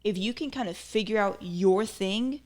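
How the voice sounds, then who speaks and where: A woman's voice: mid-range voice, moderate pace, darkish tone. A woman hosting a podcast, giving chatty, opinionated commentary with lots of fillers. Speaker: podcast host. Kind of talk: casual commentary.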